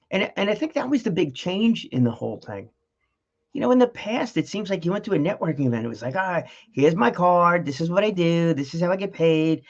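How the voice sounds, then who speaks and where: A man's voice: high voice, gravelly, darkish tone, slightly rough. A middle-aged man talking casually at home in a rambling vlog, with lots of fillers. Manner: rambling, chatty, frequent fillers and laughs. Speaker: vlogger. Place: home, with a dog nearby. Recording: dull lo-fi audio.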